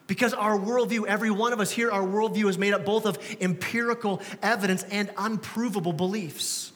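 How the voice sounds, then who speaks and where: A man's voice: sits high, steady tone, a little fast, few pauses, fairly bright tone, long reverb tail. A man preaching a sermon as pastor, conversational and joking at his own expense. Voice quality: conversational, self-deprecating humor. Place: church sanctuary.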